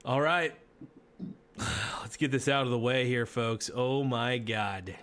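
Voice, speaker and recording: A man's voice: medium pitch, slow, a bit bright. A man hosting a casual political commentary livestream, talking in a rambling, chatty way, correcting himself as he goes, with the odd hiccup. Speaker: podcast host.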